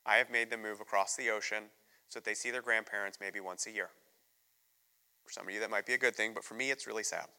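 An American man preaches an emotional, openly personal sermon as a visiting missionary. His voice is strikingly bright. It rings out with a long reverb through a church sanctuary. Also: on the low side, fairly even intonation, quick pace, clean tone. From United States. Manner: candid, emotional storytelling.

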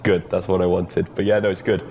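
Deep-voiced Welsh man, chatty co-host. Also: little pitch movement, a little fast, lo-fi sound, noisy background. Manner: friendly, laughing easily, rambling. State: tired. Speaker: podcast co-host. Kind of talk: casual chat.

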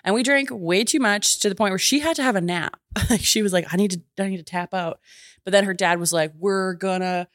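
A woman's voice: medium pitch, fairly quick, dry recording. Young woman, from canada, podcast storyteller, laughs a lot, dry close sound. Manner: laughing, profane, animated storytelling. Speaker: guest storyteller. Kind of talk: casual podcast chat.

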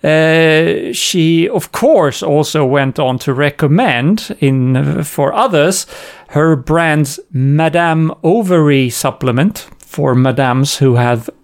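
A man's voice: on the high side, slow pace, few pauses. Wry chuckling man co-hosting. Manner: wry, chuckling, hesitant with fillers. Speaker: podcast co-host. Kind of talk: casual chat.

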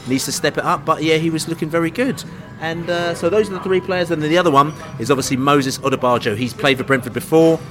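A man's voice: on the high side, a bit bright. Casting: London man, pub football podcast host, loose rambling chat. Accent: London English. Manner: chatty, rambling, jokey.

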